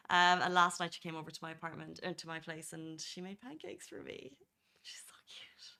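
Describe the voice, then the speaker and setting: A woman's voice: on the low side, lively intonation, fairly quick, vocal fry, bright, forceful tone. A woman co-hosting a morning show, chatty and teasing as she tells stories. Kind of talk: casual chat.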